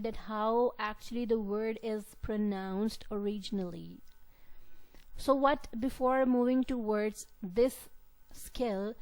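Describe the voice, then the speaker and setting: Slow, dry-voiced woman lecturer. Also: a little high, a little mellow, dry recording, rough recording. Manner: slow and deliberate, repeating key words. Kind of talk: classroom lecture.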